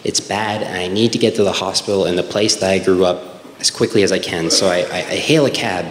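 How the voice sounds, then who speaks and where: A man's voice: sits low, brisk. A young man telling a personal story on stage, conversational and wry, with lots of "like" and "um.". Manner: conversational, wry, many fillers like "like" and "um". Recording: roomy hall with faint room noise.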